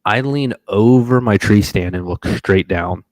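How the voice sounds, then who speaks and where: Brief: young male host, very low voice, dry mic, animated cursing storyteller. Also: unhurried, no echo, low-quality recording. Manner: animated, profane, acts out his own reactions. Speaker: podcast host telling a hunting story. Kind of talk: casual storytelling on a live stream.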